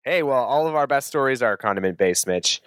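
Deadpan guy hosting a comedy podcast, mid-pitched, dry close sound. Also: a little fast, smooth, no echo. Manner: deadpan, politely prodding. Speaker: podcast host. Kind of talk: comedy interview.

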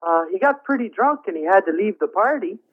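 Guy putting on a chuckly old roadie, high reedy voice, rambling folksy tales over a tinny dry phone line. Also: expressive, dry recording. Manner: drawn-out anticlimactic storytelling. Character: rambling old male rock roadie, folksy and easily amused. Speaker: phone-in guest. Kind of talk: comedy phone interview sketch.

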